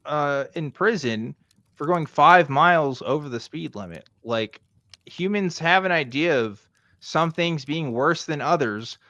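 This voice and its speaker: A man's voice: on the high side, lively intonation, unhurried, sharp tone, highs cut off. A man talks on a casual podcast in a blunt, sarcastic way, peppering his points with swearing. His voice is close and dry with no room echo. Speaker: podcast co-host.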